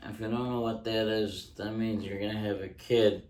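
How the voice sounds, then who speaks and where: A man doing a casual home-recorded ASMR stand-up bit, rambling through deadpan jokes with frequent ums, close on a handheld mic. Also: on the low side, normal speed, a little hiss or hum. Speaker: stand-up comedian. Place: indoors at home.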